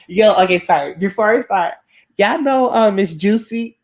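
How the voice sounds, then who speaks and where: A woman's voice: mid-range voice, animated, normal speed. A woman co-hosting a casual online chat show, playful and self-conscious, laughing often. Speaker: podcast co-host.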